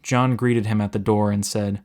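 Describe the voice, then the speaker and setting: A man narrating a story aloud in a steady, measured way, slowing down for suspense. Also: lowish voice.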